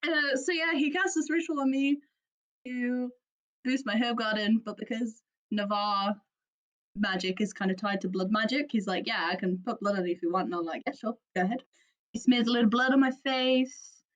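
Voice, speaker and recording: English woman podcast host, tells stories all animated, kinda high voice. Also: muffled recording. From England. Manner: animated storytelling with laughs and quoted voices. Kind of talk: casual chat, storytelling.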